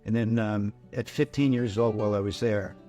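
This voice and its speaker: An older man with a somewhat low voice tells his own life story as testimony. He speaks haltingly, stumbling and repeating words as he works through hard memories, while soft music plays faintly underneath. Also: steady tone. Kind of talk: personal testimony.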